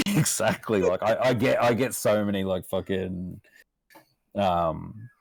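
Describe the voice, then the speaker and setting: Brief: young aussie bloke, very low voice, dry close sound, rambling sweary storyteller. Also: male voice, slow pace, creaky, slightly rough, dry recording. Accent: Australian. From Australia. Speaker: podcast guest. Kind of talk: casual podcast chat.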